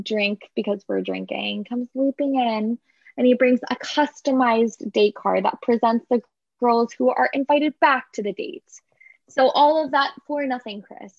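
A woman's voice: on the high side, moderate pace, gravelly, no echo, lo-fi sound. A woman co-hosting a podcast, casually chatting through a reality show recap, giggly and a bit tipsy. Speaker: podcast co-host.

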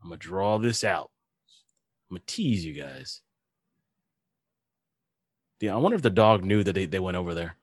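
A man's voice: low-pitched, lively intonation, moderate pace, pauses often, breathy edge, no room sound, studio quality. A man hosting a podcast in casual chat, telling stories animatedly, laughing often and swearing. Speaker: podcast host.

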